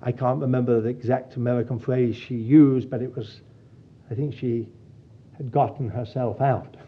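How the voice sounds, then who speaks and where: A man's voice: medium pitch, fairly even intonation, normal speed, husky, dull audio. A man preaching a sermon in an earnest, pastoral way, calling his listeners dear children of God.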